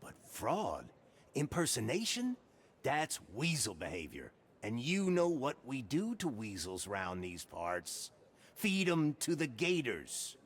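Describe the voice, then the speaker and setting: A shrewd small-town sheriff with a drawl, slow and deliberate, his pitch rising and dropping as he toys with the person in front of him. The threat sits under a friendly tone, and the voice swings widely for emphasis. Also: huge pitch swings, breathy edge, exaggerated voice. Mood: menacing. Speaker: game character.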